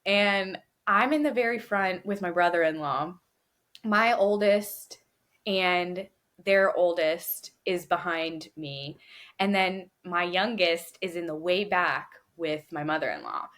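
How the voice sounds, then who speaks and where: A woman in her thirties co-hosting a podcast, telling a family story in a casual, animated way and laughing often. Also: on the low side, slow. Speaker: podcast co-host. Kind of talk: casual chat. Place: lives in Florida.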